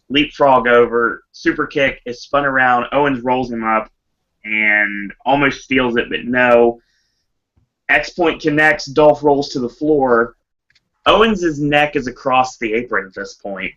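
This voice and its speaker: Bright-voiced man recapping wrestling. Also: medium pitch, muffled recording. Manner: brisk play-by-play recap, laughs easily. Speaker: podcast host. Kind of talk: casual podcast chat and match recap.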